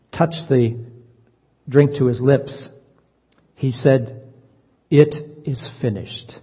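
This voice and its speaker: A man preaching a sermon in an earnest voice, slowing down to stress key phrases. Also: mid-range voice, mellow, slightly rough. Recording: dull lo-fi sound, long reverb.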